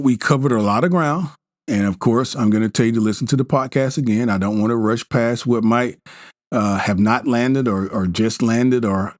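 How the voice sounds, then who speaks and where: A man hosts a podcast in an even, mid-range voice, guiding listeners through a bedtime practice. He goes slowly and gently, says key phrases twice, and restarts his sentences now and then. The sound is dry and close, with little room around it. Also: medium pitch, dry recording. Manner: slow, repetitive, gently instructive, with fillers and restarts. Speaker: podcast host. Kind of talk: guided self-help talk.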